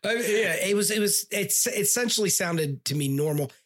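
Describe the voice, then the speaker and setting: Podcast co-host, husky voice, casual film chat, laughs a lot, mocking tone. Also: mid-range voice, animated, fairly quick, a bit bright. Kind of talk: casual movie review chat.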